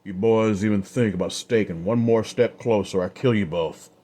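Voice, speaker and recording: A chillingly calm, quiet gunslinger , as a man puts him on for a told Western story. He speaks low and steady, never raising his voice. The menace lives in how relaxed he sounds. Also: normal speed, natural voice. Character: cold, calm gunslinger with hollow eyes.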